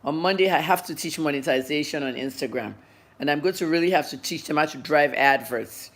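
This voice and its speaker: A woman's voice: sits low, brisk. A journalist in her fifties giving a livestreamed news update, blunt and scolding her viewers while she eats and talks. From Nigeria. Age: 50s.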